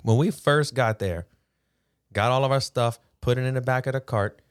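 A man's voice: medium pitch, moderate pace, clean tone. A man telling a funny story in casual chat as a podcast co-host, acting out the people in it. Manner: animated, acts out voices with a Southern drawl.

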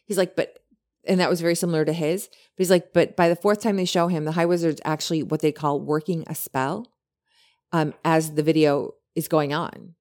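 Woman podcast cohost, lowish voice, tells stories all animated, keeps quoting people. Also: normal speed. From lived in California. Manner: animated storyteller, quotes others often. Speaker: podcast co-host. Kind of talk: casual chat, retelling a story.

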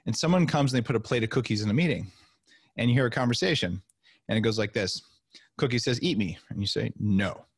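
A middle-aged man telling stories as a podcast guest, lively and acting out the voices of the people he quotes. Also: medium pitch, fast, pauses often, slightly rough, no room sound, studio quality. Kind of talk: animated storytelling interview.

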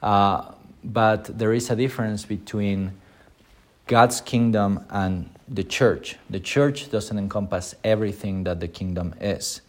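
A man with a somewhat low voice leads an off-the-cuff Sunday School Bible lesson as pastor. He fills his pauses with frequent uh and um sounds. He jumps into higher voices to act out the lines he quotes. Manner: frequent filler sounds, acts out quoted speech in raised voices.

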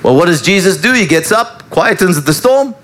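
A man preaching a sermon, retelling a story in an animated storytelling manner. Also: sits high, normal speed. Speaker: pastor.

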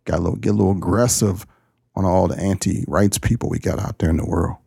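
A deep, gravelly man hosts his podcast in a folksy, joking chat, and his pitch often leaps up. His voice is husky. The recording is dry. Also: steady tone, quick pace, warm tone, no echo. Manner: folksy, jokey, big pitch jumps. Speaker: podcast host and pastor. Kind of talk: casual chat.

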